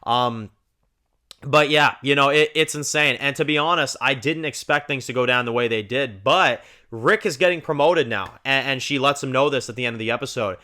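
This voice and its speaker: A man's voice: medium pitch, moderate pace. A man hosting his own channel, reviewing a TV episode in a casual, rambling way, full of "you know" and restarts. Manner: gets lively when retelling scenes. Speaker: TV show reviewer, channel host.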